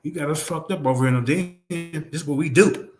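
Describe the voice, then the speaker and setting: A man's voice: a little high, fairly quick, slight background noise. A man hosting a livestream, ranting in a combative, profane, trash-talking way. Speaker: streamer host. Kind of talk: heated livestream rant.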